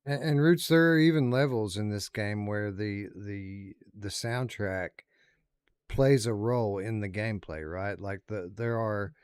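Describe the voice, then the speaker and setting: A man's voice: lowish voice, clean tone, dry recording, clean studio sound. A man co-hosting a podcast, chatting casually through a game review and stopping to restart his sentences. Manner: halting, with many fillers and restarts. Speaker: podcast co-host.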